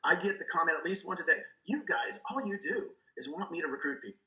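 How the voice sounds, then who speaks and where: A middle-aged man giving energetic coaching talk as a guest, acting out quoted dialogue as he goes. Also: on the high side, fast talker, reverberant, dull audio. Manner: animated, acts out quoted dialogue. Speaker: guest, real estate recruiter.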